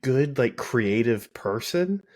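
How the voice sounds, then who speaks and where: A man who is a podcast guest, talking in a measured, thoughtful casual chat with some restarts. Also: mid-range voice, animated, darkish tone, no room sound, studio quality. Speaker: podcast guest, sports commentator.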